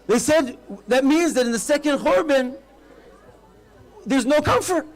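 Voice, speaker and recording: A man, a rabbi, giving an animated storytelling address at an outdoor festival, mixing Hebrew terms into his talk. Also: extremely high pitch, measured pace.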